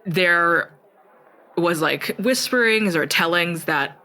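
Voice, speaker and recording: A young man co-hosting a comedy podcast, rambling and hesitant, quick to laugh. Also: on the high side, animated, pushed and bright, poor audio. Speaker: podcast co-host. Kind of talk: casual comedic chat.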